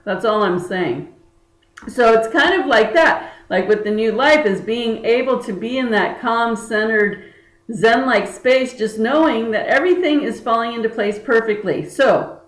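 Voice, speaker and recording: A woman energy healer speaks to her viewers in an earnest, chatty way, leaning on fillers and restarting her sentences. Her voice sits a little high, and the room rings with a clear echo. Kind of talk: casual spiritual talk to camera.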